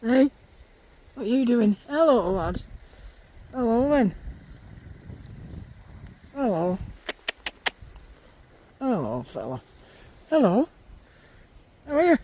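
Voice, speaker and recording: A man's voice: very high-pitched, big pitch swings, slow, long pauses, mellow, a little hiss or hum. A man, vlogging outdoors in a field, chatting casually to his viewers and his animals. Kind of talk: casual vlog chat.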